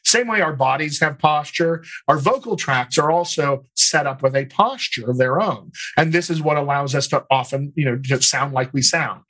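A man with a General American accent and slight Colorado features, a dialect coach explaining his method in a calm, methodical interview. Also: a little high, normal speed, few pauses, low-quality recording. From United States. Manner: explanatory, methodical, talks in lists. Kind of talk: conversational interview.

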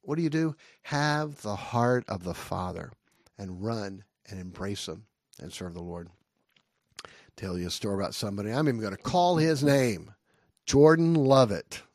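Gravelly preacher man, dry and close. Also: fairly low pitch, normal speed, no room sound. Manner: animated storytelling with many fillers, acts out the Bible characters. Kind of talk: sermon.

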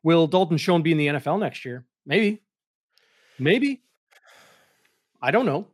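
A man co-hosting a sports talk show, going through player numbers in a measured, steady way. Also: a little high, no echo, studio quality. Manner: measured, steady, fills with "uh" and "you know". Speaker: podcast co-host, analyst. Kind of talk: casual sports analysis.

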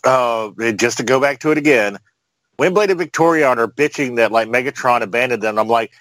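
A man's voice: medium pitch, fairly quick, a bit bright, dry recording, poor audio. A man co-hosting a fan podcast, chatting casually with sarcastic, profane remarks. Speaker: podcast co-host. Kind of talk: casual chat.

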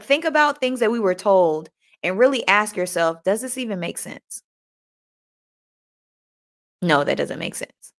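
A young woman hosting a motivational live chat, animated and talking straight to her listeners, often repeating herself. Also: mid-range voice. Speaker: host.

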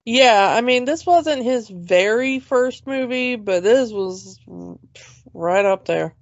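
A woman's voice: fairly high pitch, lively intonation, slow pace, dry recording, highs cut off. A woman co-hosting a casual movie podcast, chatty and rambling, with restarts and laughs. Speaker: podcast co-host.

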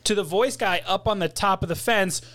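A man's voice: high voice, a little fast, a bit bright. A man co-hosting a podcast, chatting loosely with swearing and laughter. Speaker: podcast co-host. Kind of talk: casual chat.

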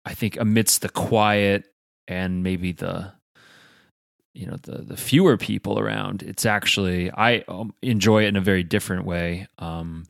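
A man's voice: low-pitched, steady tone, normal speed, gravelly, dry recording. A young adult man co-hosting a podcast, talking casually with a dry, joking and reflective manner. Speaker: podcast co-host.

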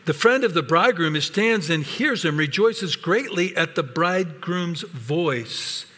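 Male pastor, higher voice, bright and forceful, emphatic sermon, long hall reverb. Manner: emphatic, varied preaching delivery.

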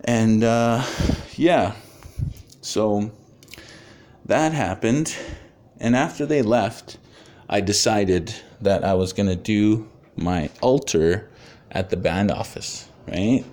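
Man, lowish voice, casual storyteller, swears freely. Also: slow pace, pauses often, darkish tone. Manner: casual, swears often, many fillers. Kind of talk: personal storytelling.

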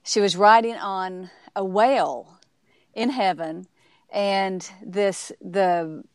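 A woman guest recounting stories in an interview, her voice smooth and resonant. She talks in a halting way, often restarting sentences and using fillers. The sound is dry and close. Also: mid-range voice, no room sound. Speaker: author and speaker, guest. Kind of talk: casual interview storytelling.

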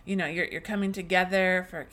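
A woman's voice: fairly low pitch, steady tone, brisk, a bit bright. A young woman hosting a faith podcast, telling a personal story in an earnest, emotional way, with many restarts and fillers. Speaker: podcast host.

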